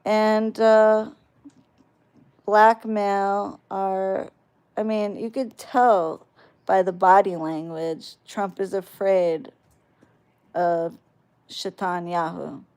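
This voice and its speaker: Woman vlogger on a mocking, cussing rant; unhurried delivery, clean resonant tone. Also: mid-range voice, steady tone, a little mellow, clear, resonant tone. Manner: profane, combative, mocking. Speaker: video channel creator. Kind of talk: ranting vlog.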